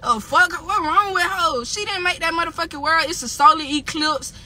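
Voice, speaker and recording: A woman with a high, bright, piercing voice rants on a livestream. She is heated and profane, and she loops the same jabs again and again. The delivery is loose and unscripted. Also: normal speed. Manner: heated, profane, repeats insults. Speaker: rapper on a livestream. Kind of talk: angry livestream rant.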